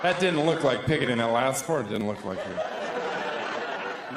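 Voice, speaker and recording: A man's voice: mid-range voice, lively intonation, slow pace, pauses often, noisy background. A man doing stand-up comedy live on stage into a handheld mic, with a sarcastic, punchy and playful delivery. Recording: roomy live room with loud audience.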